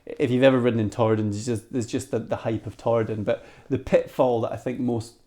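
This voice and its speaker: A man with a Scottish accent, a podcast guest telling a story in a casual, animated way with frequent restarts. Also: mid-range voice, quick pace. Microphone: cheap microphone.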